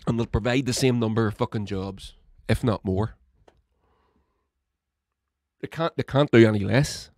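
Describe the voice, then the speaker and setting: A man hosts a solo political podcast, ranting and swearing nonstop as his heat builds into shouting. His voice is on the low side, measured, with long pauses, recorded in studio quality with no room sound.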